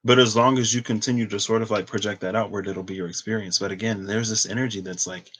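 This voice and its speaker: Rambling low-voiced man reading tarot. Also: steady tone, fast talker, hardly any pauses, a bit bright. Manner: rambling, thinking aloud, heavy on "like"; laid-back, laughs at himself. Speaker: tarot reader. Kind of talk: casual tarot reading monologue.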